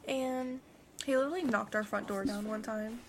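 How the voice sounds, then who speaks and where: A woman's voice: a little high, steady tone, normal speed, soft background music. A woman guest on a casual podcast, talking frankly and offhandedly, filling her sentences with "like.". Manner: frank and offhand, heavy use of like. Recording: noisy, hissy podcast recording.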